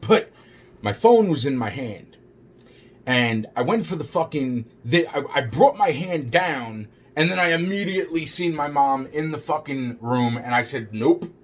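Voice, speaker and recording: A man's voice: on the high side, animated, unhurried. Agitated, profane man telling a story. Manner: heavily profane, agitated, repetitive. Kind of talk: rambling first-person storytelling.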